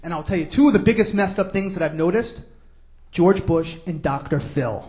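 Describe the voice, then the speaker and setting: Brief: male stand-up comic, New York accent, high-pitched, sarcastic, shouty rants. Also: lively intonation, normal speed, a little hiss or hum. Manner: brash, sarcastic ranting with sudden shouts. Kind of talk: stand-up comedy routine.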